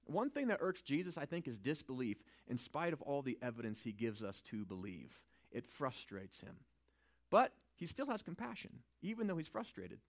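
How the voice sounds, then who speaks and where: Animated man teaching the Bible. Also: medium pitch, normal speed. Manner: animated, swinging from quiet asides to loud emphasis; informal, checks in with "right?".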